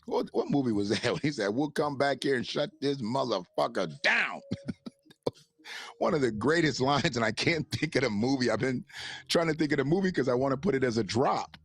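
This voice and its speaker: A man's voice: medium pitch, lively intonation, moderate pace, slightly rough, dry recording. A man hosting a livestream in casual commentary, rambling and swearing, laughing often and reading out chat messages. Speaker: livestream host.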